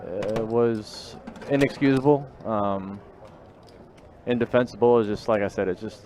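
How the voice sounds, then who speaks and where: A man's voice: on the low side, steady tone, unhurried, darkish tone. A man commentating a live poker stream in casual chat, talking in a glum, repetitive, rueful way. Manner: glum, repetitive, rueful about a sports loss.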